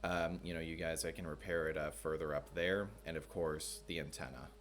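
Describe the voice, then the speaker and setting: A man's voice: very deep voice, steady tone, brisk, a bit bright. A man narrating a tabletop game as game master, describing scenes with many filler words.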